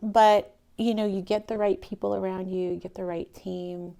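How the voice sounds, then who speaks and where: A woman speaks to a live audience in a storytelling talk, her voice carrying a gravelly fry. She is animated and emotional, rising loud and then dropping to a near whisper. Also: medium pitch, moderate pace. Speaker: speaker telling her real estate story.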